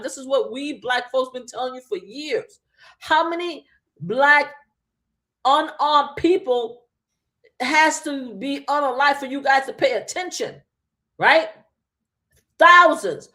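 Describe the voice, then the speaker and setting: A woman with a high, bright-pitched voice holds forth on her live stream, hammering her points home and repeating them for emphasis. She addresses her viewers directly in casual, opinionated commentary. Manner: emphatic, repetitive, preaching to viewers. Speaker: livestream host.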